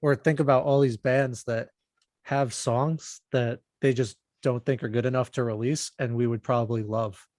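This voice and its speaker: A man's voice: mid-range voice, fairly even intonation, normal speed, a little mellow, no echo, clean studio sound. A man co-hosting a podcast in casual, upbeat chat, with a self-joking manner. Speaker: podcast co-host.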